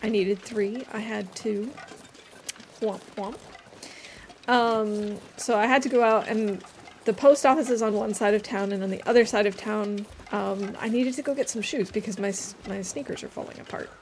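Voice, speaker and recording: A woman's voice: mid-range voice, moderate pace, a little hiss or hum. A woman streamer giving casual let's-play commentary while she plays, chatty and rambling with a self-amused tone.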